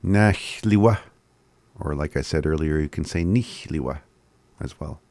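A man giving a casual language lesson, slowly repeating words and chuckling often. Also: very deep voice, a little mellow, no echo. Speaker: language teacher.

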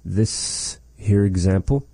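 A man's voice: sits low, slow pace, dark tone, husky, dry recording. A man teaching a language lesson, patiently repeating words for practice. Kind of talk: language lesson with repetition drills.

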